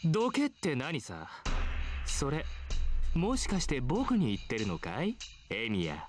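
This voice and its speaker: A man's voice: a little high, huge pitch swings, a little fast. An actor playing a cruel, arrogant teenage boy who taunts and looks down on everyone, in a voiced visual novel. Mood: taunting. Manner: taunting, condescending, theatrical. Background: game music.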